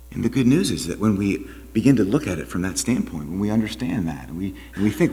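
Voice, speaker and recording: Male pastor, low voice with a wide, expressive range, preaching with rhetorical questions in a reverberant sanctuary. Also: quick pace, few pauses. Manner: animated preaching, rhetorical questions, drops to quiet asides. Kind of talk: sermon. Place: church sanctuary. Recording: long reverb of a church hall.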